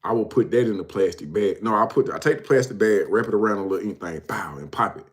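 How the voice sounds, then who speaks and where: A man's voice: fairly low pitch, lively intonation, fast talker. A man hosting his own show, telling stories casually, often laughing and calling the listener bro. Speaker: host. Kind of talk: casual storytelling.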